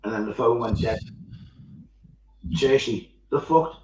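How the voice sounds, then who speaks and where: A man chatting casually while he paints miniatures, telling animated stories and swearing freely. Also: mid-range voice, unhurried. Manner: animated storytelling, swears freely, acts out quoted voices. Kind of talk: casual chat. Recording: echoey, dull-sounding room.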